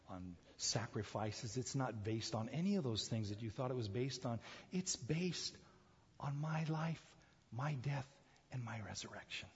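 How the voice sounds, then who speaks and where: Husky-voiced preacher in a reverberant hall. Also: male voice, lowish voice, muffled recording. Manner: animated storytelling, acts out the crowd's voices, laughs often. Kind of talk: sermon.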